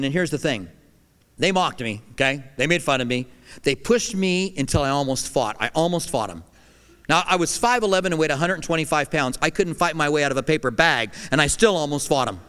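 Middle-aged male pastor, emphatic sermon delivery that rises loud and drops hushed, resonant voice, church hall reverb. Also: on the high side, clear, resonant tone. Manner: emphatic preaching, swinging between loud declarations and hushed lines.

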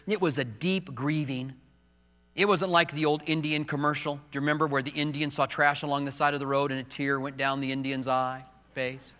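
A man preaching a sermon as pastor, moving between soft, hushed confiding and raised, emphatic preaching in a church sanctuary. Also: a little high. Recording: long reverb of a large hall.

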